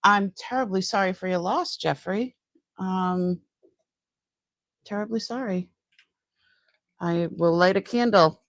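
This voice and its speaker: A woman's voice: mid-range voice, slow, pauses often, dry recording. A middle-aged woman with a Boston accent, hosting a casual live-stream from home, chatting and rambling as she greets viewers by name. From Massachusetts. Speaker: live-stream seller and host. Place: at home, indoors by a counter.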